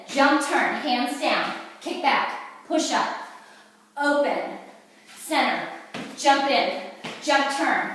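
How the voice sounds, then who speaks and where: Breathy woman instructor in an echoey room. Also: sits high, animated, extremely slow, pauses often, fairly bright tone, distant mic, slight background noise. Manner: cueing moves while exercising. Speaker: fitness instructor. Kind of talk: workout demonstration.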